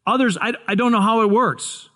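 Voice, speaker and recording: The voice is high and slightly quick: a man in his 60s preaching earnestly. He often repeats and trips over words before restarting, and his delivery climbs into excited shouting.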